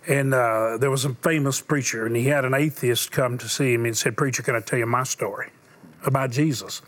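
A man's voice: mid-range voice, steady tone, a little fast. An older man, a preacher hosting a Christian talk show. He tells stories in an earnest preaching manner. At emotional points his voice sinks almost to a whisper. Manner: earnest preacher, drops to a hushed voice for emotional moments. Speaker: TV host and preacher.

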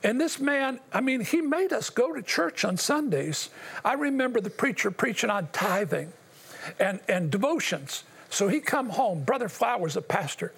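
A man's voice: sits high, sing-song, normal speed, creaky, fairly bright tone, slightly rough. An older man giving an earnest, emotional personal testimony as an interview guest. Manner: earnest, emotional storytelling addressed to the host.

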